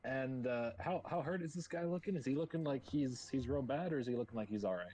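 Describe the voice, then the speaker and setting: A man's voice: mid-range voice, fast talker, warm tone. A man playing a tabletop game, talking bluntly and casually, with some swearing. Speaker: player. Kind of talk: casual tabletop gaming chat.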